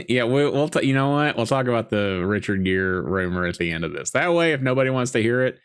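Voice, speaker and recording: A man's voice: medium pitch, lively intonation, a little fast, clean tone. A man co-hosting a podcast, chatting casually while watching a movie and telling rambling jokes and stories. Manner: rambling, joking storyteller. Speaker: podcast co-host.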